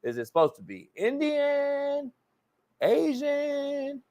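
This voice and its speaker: A man's voice: extremely high pitch, huge pitch swings, slow, darkish tone. A man hosting a sports talk show, ranting in a brash, mocking way and swearing constantly. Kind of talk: profane casual rant.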